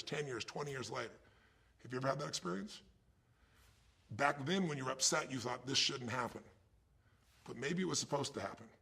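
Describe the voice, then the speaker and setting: A man's voice: medium pitch, gravelly, a bit bright, breathy edge. A middle-aged man giving a motivational talk, emphatic and firing questions at his listeners. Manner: emphatic, poses questions to the audience. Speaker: motivational speaker.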